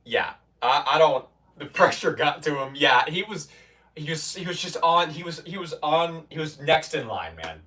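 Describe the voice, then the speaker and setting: A man's voice: on the high side, expressive, moderate pace, pushed and bright, far from the mic. A man streaming from a basement gym, chatting loosely with his viewers and often restarting his sentences. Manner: rambling, restarts, mock-quotes chatters. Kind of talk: casual chat with stream viewers.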